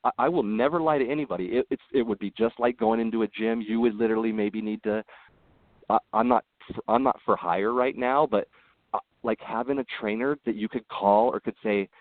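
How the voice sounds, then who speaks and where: A man who is a podcast guest, talking earnestly in casual conversation and telling animated stories with frequent restarts. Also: lowish voice, a little fast, no room sound. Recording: tinny phone-like line.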